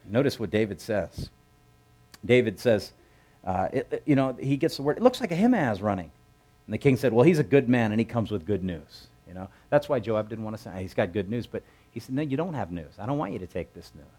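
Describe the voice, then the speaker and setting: A man with a lowish voice preaches a sermon in a relaxed, conversational way. He tells the story like a chat with the congregation. He jumps up in pitch to act out the characters' lines. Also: fairly quick. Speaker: pastor.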